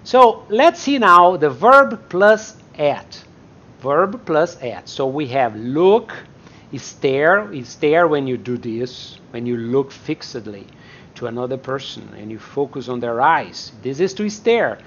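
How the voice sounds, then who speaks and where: A woman whose first language is Portuguese teaches English in a live online class. She speaks slowly, her pitch rising and falling a lot as she repeats sentences and acts them out. The stream audio is dull and lo-fi. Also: big pitch swings, a bit bright, slight background noise.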